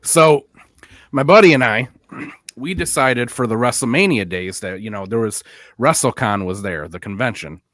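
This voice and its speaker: A man in casual podcast chat, spinning a story with lively energy and laughing at himself. His voice sits in an ordinary middle pitch. It is recorded dry and close, with no room sound. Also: moderate pace, no room sound. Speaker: podcast co-host.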